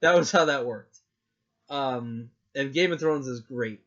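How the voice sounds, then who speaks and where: A young man rambles excitedly through a casual podcast chat, with plenty of fillers along the way. His voice sits at an ordinary middle pitch. The recording sounds dull and lo-fi. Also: a little slow. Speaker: podcast co-host.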